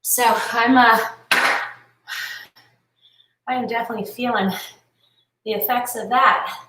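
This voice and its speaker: A woman's voice: fairly high pitch, fairly even intonation, normal speed, pushed and bright, distant mic, slight background noise. A woman leading a home workout, chatty and encouraging, swapping stories between exercise cues, tired and yawning. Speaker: fitness instructor. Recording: echoey room, voice a bit off-mic.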